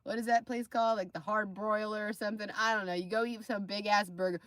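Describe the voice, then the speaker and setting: A woman's voice: medium pitch, steady tone, quick pace, fairly bright tone, no room sound. Young woman venting on her stream, cussing a lot, scornful, mid-range voice, talks to the camera like she's mad at someone. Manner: profane, scornful, ranting. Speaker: live streamer. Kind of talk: casual vlog rant.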